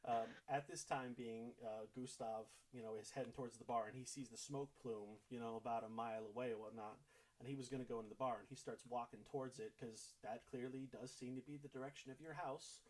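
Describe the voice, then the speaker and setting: A man's voice: medium pitch, steady tone, brisk, darkish tone, low-quality recording. A man narrating as game master, with loose, filler-heavy narration.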